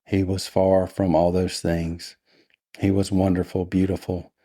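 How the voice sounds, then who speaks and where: A man reading a story aloud in a deliberately dull, unhurried way for bedtime listening. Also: deep voice, no echo, clean studio sound. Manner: flat, unhurried, monotonous. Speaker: podcast host and reader.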